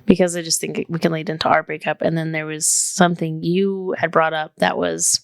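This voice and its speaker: A woman's voice: low-pitched, flat delivery, brisk, clear, resonant tone, no room sound. A woman co-hosting a podcast, chatting casually and leaning heavily on "like" on a studio microphone. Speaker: podcast co-host.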